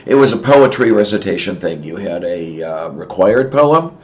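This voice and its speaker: A man from southwest Pennsylvania hosting a casual livestream chat, rambling and chuckling, often trailing off softly. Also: low voice, lively intonation, moderate pace. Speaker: livestream host.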